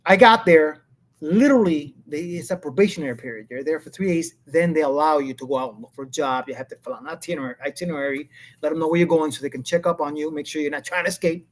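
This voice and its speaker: Male host, casual commentary, rambling and blunt, quick to laugh. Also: fairly high pitch. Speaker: show host.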